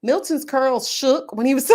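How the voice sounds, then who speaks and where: Sassy woman host for a reality recap live stream, higher voice with a swooping pitch, laughs a lot. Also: slight background noise. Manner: sassy, laughs a lot, drawn-out "oh, honey" asides; southern US slang such as finna, y'all, child. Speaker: livestream host reading viewer comments. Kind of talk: casual reality-TV recap chat.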